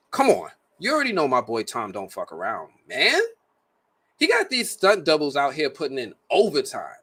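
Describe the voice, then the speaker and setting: A man reviewing a movie in a casual, jokey, slang-filled way. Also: medium pitch. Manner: animated, slangy, jokey delivery.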